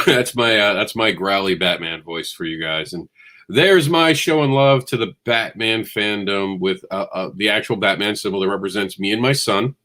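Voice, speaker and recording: A man's voice: fairly low pitch, moderate pace, pushed and bright. A man hosting a comics news show, rambling and enthusiastic with a self-deprecating streak. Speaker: host.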